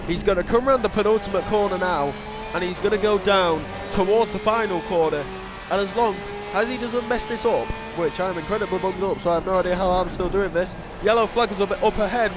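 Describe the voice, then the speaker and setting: High-voiced northern English race commentator. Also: male voice. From northern England. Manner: casual, rambling, self-deprecating asides. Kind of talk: sim racing commentary.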